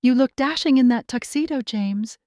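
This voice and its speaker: A woman voicing a middle-aged ex-wife who talks softly, pleading and apologetic. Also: high-pitched, normal speed, no echo, studio quality, voice pushed up, lightly acted. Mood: curious.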